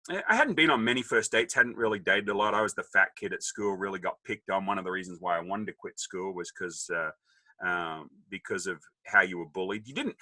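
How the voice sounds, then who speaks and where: A middle-aged Australian man, a podcast guest, telling stories in a jokey, animated way and acting out the voices of people he quotes. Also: lowish voice, no echo. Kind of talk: casual storytelling.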